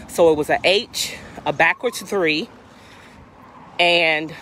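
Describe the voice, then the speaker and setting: Animated woman in her fifties telling a story. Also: fairly low pitch, slow pace, a little hiss or hum. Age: 50s. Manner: animated, acts out dialogue in voices. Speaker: life coach and inspirational speaker. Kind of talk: casual storytelling testimony.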